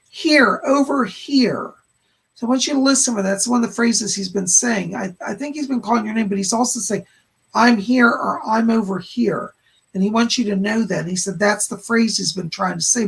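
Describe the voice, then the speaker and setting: Male psychic medium host, gravelly, husky, relays messages with constant "she said" asides. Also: high-pitched. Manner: relays spirit messages, frequent "he said" and "hold on". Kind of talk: live-stream psychic readings of chat questions.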